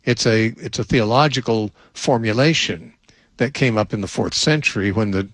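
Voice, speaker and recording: An older man, a Bible teacher, answering a question in thoughtful unscripted talk with frequent restarts and a slightly husky voice. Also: lowish voice, normal speed, dry recording, rough recording.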